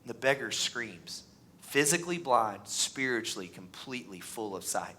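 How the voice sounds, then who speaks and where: A pastor in his thirties preaching a sermon in a church, animated and acting out the voices of the people in his stories. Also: normal speed, slight background noise. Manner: animated, acts out voices, pitch rises on mocking lines. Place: church sanctuary.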